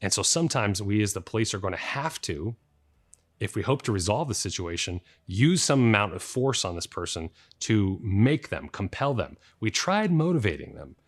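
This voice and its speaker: A man's voice: fairly low pitch, sing-song, moderate pace. A man who works as a police officer, explaining his work to the camera in a plain-spoken, conversational way with a light joking touch.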